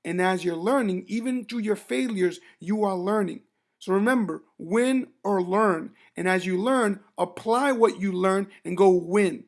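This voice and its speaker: A man's voice: high-pitched, measured pace. Male business trainer, motivational training talk, emphatic and repetitive for impact. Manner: emphatic, repeats words for impact.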